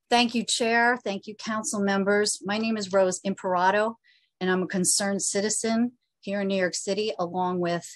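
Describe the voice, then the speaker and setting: A woman's voice: mid-range voice, steady tone, normal speed, no echo. A woman giving earnest, pleading testimony at a remote council hearing over a video call. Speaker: public testifier. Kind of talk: impassioned public testimony.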